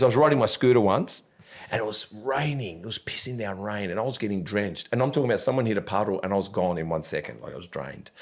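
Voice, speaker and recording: Animated man, podcast host. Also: lowish voice. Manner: animated storyteller, swears casually, laughs often. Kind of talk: casual podcast chat.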